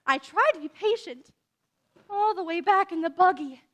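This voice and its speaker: A woman's voice: very high-pitched, animated, moderate pace, a bit bright. A woman playing a fiery, talkative orphan girl who speaks in an impassioned, dramatic way, in a live stage musical. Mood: pleading. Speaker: stage actor in a youth musical.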